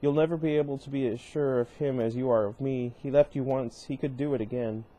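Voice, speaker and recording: A man's voice: mid-range voice, steady tone, a little fast, dark tone, close to an everyday voice, poor audio. A man reading aloud and voicing a pushy, cheerful teenage boy who talks in an insistent, cocky way. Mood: earnest.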